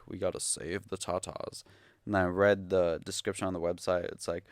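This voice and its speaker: A man's voice: sits low, normal speed, no echo, clean studio sound. A young man ranting into the camera, exasperated, sarcastic and profane in a casual vlog. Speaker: vlogger.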